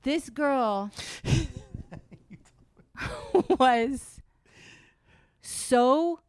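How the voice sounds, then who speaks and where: A woman's voice: high-pitched, drawn-out words, clean tone, no room sound, studio quality. A woman co-hosting a podcast, telling a rambling story in casual chat, with lots of "like". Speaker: podcast co-host.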